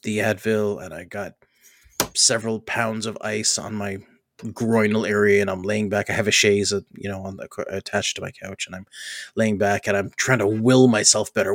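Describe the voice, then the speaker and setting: A man telling a personal story in a casual podcast chat, animated and acting out the people he quotes, often laughing. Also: fairly low pitch, normal speed, a little hiss or hum. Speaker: podcast host.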